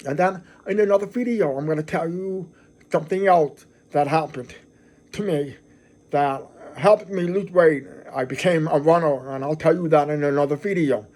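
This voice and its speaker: A man's voice: a little high, moderate pace, darkish tone. A middle-aged man hosting his own vlog, talking casually to the camera in an earnest, effusive way, often repeating and restarting his words. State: emotional, near tears. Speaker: channel host.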